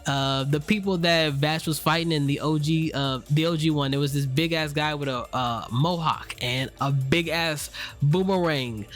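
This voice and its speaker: A man talks through a casual, unscripted review, sitting a little high in his register. He meanders with fillers and restarts and drops slang and curses freely. Soft music plays quietly underneath. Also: moderate pace. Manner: rambling, loose and unscripted, frequent fillers and restarts. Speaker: anime reviewer.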